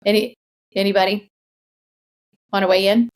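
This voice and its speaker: A woman hosting a podcast, telling a story in a chatty, animated way and laughing as she goes. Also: mid-range voice, normal speed. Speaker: podcast host. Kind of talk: casual storytelling.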